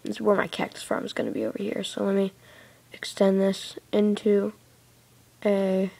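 A woman chatting her way through a building game, rambling and casual, breaking into excited squeals and giggles, recorded in a dark room on a tablet mic. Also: mid-range voice, moderate pace, creaky. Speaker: let's play host. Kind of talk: casual gameplay commentary. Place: dark room, sitting in a big armchair. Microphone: tablet microphone.

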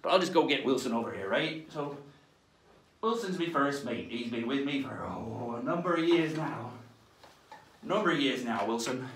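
A man's voice: medium pitch, expressive, moderate pace, a bit bright, echoey room, slight background noise. A man hosting a children's lesson in a playful pirate persona, talking in hammy, theatrical pirate speech.

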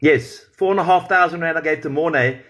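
A man's voice: on the high side, a little fast, a bit bright. A man on a livestream, confronting a rival directly with an angry, profane rant.

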